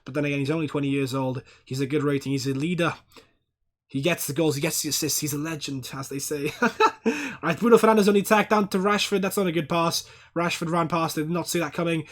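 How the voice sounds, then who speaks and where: A man hosting a football watchalong livestream, giving casual live commentary, chatting to viewers and bursting into loud, sweary outbursts. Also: on the high side, a little fast. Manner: excitable, swears a lot, erupts in loud outbursts at fouls; chats to viewers by name, reads chat aloud.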